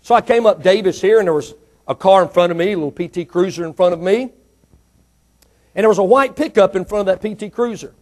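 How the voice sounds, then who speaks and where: Preacher guy with a high voice, goes from soft asides to loud ringing lines, a bit of a drawl. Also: quick pace. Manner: swings from low asides to loud ringing declarations. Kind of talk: sermon.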